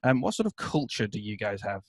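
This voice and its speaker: A man from the United Kingdom hosts a casual podcast chat, enthusiastic and quick to laugh. His voice sits on the low side, and the recording is dry with no room sound. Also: sing-song, no room sound. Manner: chatty, laughs easily, enthusiastic. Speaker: podcast host.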